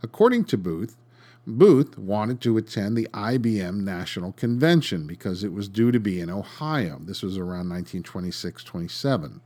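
A man's voice: lowish voice, lively intonation, moderate pace, warm tone. A man hosting a podcast, reading a scripted history narration with dry, sarcastic asides. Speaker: podcast host.

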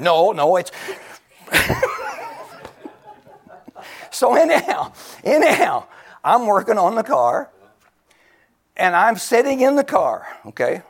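A man in his seventies preaching a sermon, exclaiming loudly, laughing between phrases and dropping to a near whisper for emphasis. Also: high voice, big pitch swings, takes it slowly, vocal fry, pauses often, breathy edge. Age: 70s.

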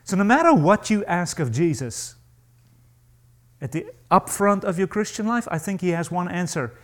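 A male pastor preaching a sermon to a congregation, emphatic and animated, acting out the voices he quotes. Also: high voice, moderate pace.

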